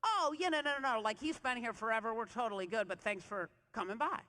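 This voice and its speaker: A woman voicing a bubbly young female apartment manager, gushing and excited, in a bright voice with long hall reverb. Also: fairly high pitch, fast talker.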